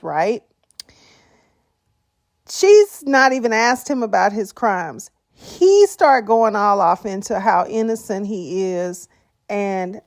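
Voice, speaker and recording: A woman's voice: mid-range voice, darkish tone, no echo, clean studio sound. A woman hosting a reaction video, talking casually and expressively, with frequent exclamations and laughter.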